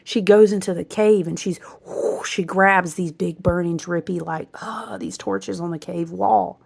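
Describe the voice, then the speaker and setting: Low, gravelly-voiced woman musing on astrology. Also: expressive, a little slow, a little mellow. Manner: rambling, intuitive, with laughs and asides. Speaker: astrology reader. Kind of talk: spiritual astrology talk.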